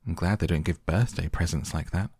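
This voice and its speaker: A man's voice: deep voice, brisk, dark tone, slightly rough, no echo, clean studio sound. A man voicing a polite, puzzled young girl in a storybook reading. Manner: polite, earnest.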